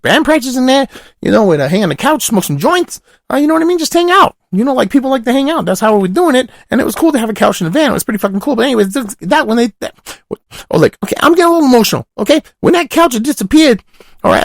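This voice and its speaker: A man voicing a raspy, burnt-out party guy who rambles with fillers and asides in a comic monologue. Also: extremely high pitch, no room sound, studio quality, exaggerated voice.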